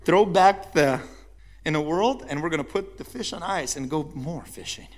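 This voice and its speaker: A man with a notably high-pitched voice delivers a sermon as the church's pastor. He tells his story with lively energy and keeps turning to the congregation with questions. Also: moderate pace.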